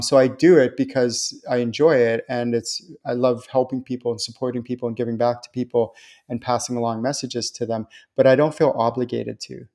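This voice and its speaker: A man hosting a live stream on spiritual topics, talking in a chatty, reassuring way and acting out quoted voices with lively jumps. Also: medium pitch. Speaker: host and spiritual channeler. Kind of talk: live-stream talk answering viewer questions.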